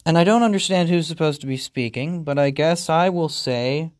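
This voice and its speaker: A game host giving deadpan, amused playthrough commentary and reading the game's story text aloud. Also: medium pitch, moderate pace, hardly any pauses, dry recording, clean studio sound. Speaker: gaming video host.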